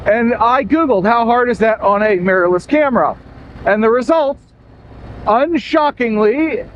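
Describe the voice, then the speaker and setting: A man's voice: extremely high pitch, lively intonation, a little slow, dull audio, a little hiss or hum. A man talking casually through a helmet mic while riding a motorcycle on rural roads, rambling and poking fun at himself. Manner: rambling, self-mocking, chatty. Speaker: motovlogger.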